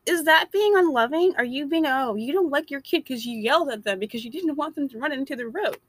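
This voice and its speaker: A woman's voice: high-pitched, expressive, quick pace, a bit bright. A woman delivering a blunt, emphatic opinion monologue.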